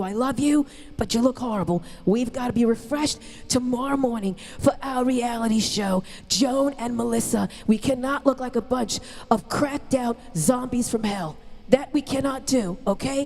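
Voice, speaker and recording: A woman impersonating a brash older female celebrity comic who bosses and teases the audience in quick patter. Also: on the high side, a little mellow, voice pushed up. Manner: bossy, rapid wisecracking patter to the audience. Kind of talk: stand-up impression. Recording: long hall reverb.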